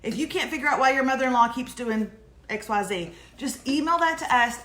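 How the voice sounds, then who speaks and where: Woman, teasing chatty host, highish voice, echoey room. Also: fairly quick, fairly bright tone. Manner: joking, chatty, teasing storyteller. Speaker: co-host of a morning livestream. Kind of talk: casual chat. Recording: roomy echo with faint noise.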